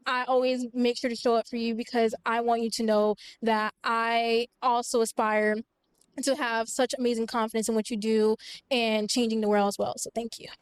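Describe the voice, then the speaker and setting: Heartfelt woman, clear steady voice. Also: a little high, normal speed. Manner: heartfelt, emotional. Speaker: audience member giving a shout-out.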